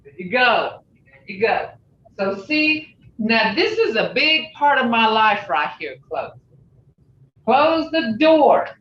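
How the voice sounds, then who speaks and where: A mid-range voice with big pitch swings, slow and a little bright, belongs to a teacher running an online language lesson. The phrases get repeated patiently, over and over, through a video call that sounds echoey and dull.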